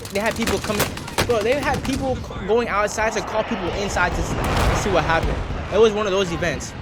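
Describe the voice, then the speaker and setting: A man's voice: high voice, very noisy. A young man casually telling an embarrassing story while playing a shooter game, in slangy speech that keeps saying "bro". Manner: slangy, animated, says "bro" often. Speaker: gaming video creator. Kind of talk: casual storytelling over gameplay. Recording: game gunfire behind voice.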